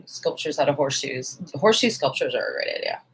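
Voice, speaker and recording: A woman in her forties with a rumbling low voice talks fast and very animatedly while livestreaming from her home sewing room, where a fan is running. She chats with viewers and jokes at her own expense as she sews, and the rough recording has a little hiss or hum.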